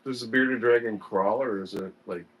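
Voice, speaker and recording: A man's voice: on the low side, normal speed, a bit bright. A man in his fifties from southern Wisconsin, a guest chatting on a live stream about fishing and gear, rambling and self-deprecating. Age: 50s. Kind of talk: casual live-stream chat.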